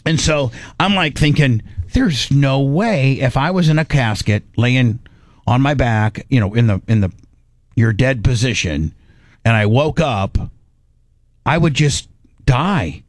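A man's voice: medium pitch, animated, measured pace, no echo. A middle-aged man hosting a radio show, telling a story in a rambling, self-mocking way. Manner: rambling, self-mocking, acts out his own panic. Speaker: radio host. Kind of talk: casual on-air storytelling.

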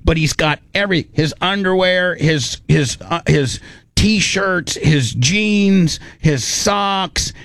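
A man's voice: high voice, takes it slowly, vocal fry, no room sound. Rambling man telling a story. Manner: rambling, animated, restarts often. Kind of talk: casual comedic storytelling.

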